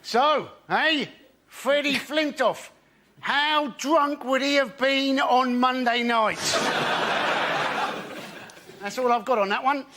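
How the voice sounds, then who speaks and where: A man's voice: extremely high pitch, slow pace, pauses often, background noise. A man delivering sarcastic stand-up on a panel show, full of rhetorical questions. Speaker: comedian panelist.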